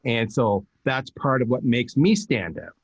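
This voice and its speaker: A man, a podcast guest, giving emphatic, animated marketing advice in casual talk. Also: medium pitch, unhurried, husky, dry recording, muffled recording. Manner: energetic, emphatic, animated storytelling with restarts.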